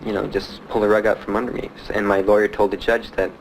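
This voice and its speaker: A man from Miami, a Marine veteran, telling his story in an interview, plain-spoken and halting with many fillers. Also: lowish voice, little pitch movement, a little hiss or hum, rough recording. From Miami, United States. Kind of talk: interview recollection.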